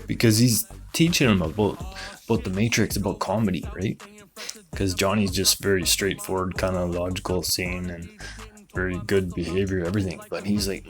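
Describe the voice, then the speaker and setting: A man presenting memes in a comedic, rambling conspiracy monologue, deadpan and full of asides. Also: sits low, moderate pace, faint music behind.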